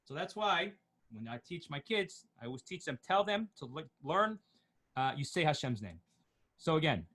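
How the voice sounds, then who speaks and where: A middle-aged man teaching Torah reading over a video call, chanting cantillation note names slowly and breaking off into quick spoken explanations. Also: medium pitch, big pitch swings, a bit bright. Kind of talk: online class, chanting cantillation notes.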